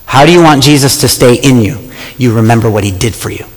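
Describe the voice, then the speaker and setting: A man preaching a sermon, passionate and animated, often asking his listeners questions. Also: medium pitch, fast, big-room sound, poor audio.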